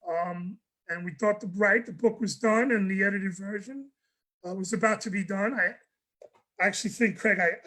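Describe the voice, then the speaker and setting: A man, a guest on a panel, telling a personal story in an animated way, often restarting and repeating words. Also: high voice, normal speed, poor audio. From New York. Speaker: guest speaker.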